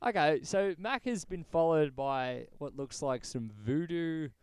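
A man co-hosting a casual podcast chat, teasing and quick to interrupt. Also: fairly high pitch, a little mellow, clear, resonant tone, dry recording. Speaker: podcast co-host.

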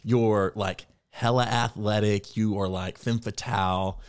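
Candid man, lowish voice, retelling his story. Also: measured pace, clean tone. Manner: candid, reflective, animated when quoting himself. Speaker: actor and podcast guest. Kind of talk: conversational interview storytelling.

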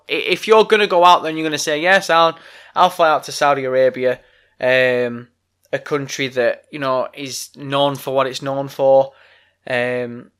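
A man's voice: medium pitch, a bit bright, clean tone. A man hosting a solo wrestling podcast, ranting bluntly and swearing a lot. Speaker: podcast host.

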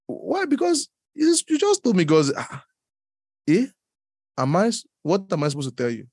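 A man preaching a sermon in an animated, teasing way, laughing often and leaping up in pitch. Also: normal speed, husky, no echo, studio quality. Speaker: pastor.

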